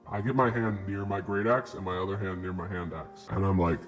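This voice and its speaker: Gruff man playing a tabletop game. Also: sits low, steady tone, fairly quick, hardly any pauses, faint music behind. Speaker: player.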